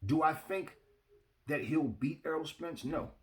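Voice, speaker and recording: A man's voice: a little high, unhurried. A man giving casual boxing opinions to his viewers, blunt and emphatic, often repeating himself and speaking to the audience directly. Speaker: boxing commentator.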